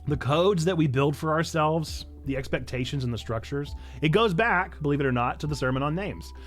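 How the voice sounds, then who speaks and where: A pastor from Illinois with a Northern Illinois accent, chatting casually on a livestream and answering chat in a playful, self-mocking way. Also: male voice, on the high side, lively intonation, brisk, faint music behind. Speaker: pastor and streamer.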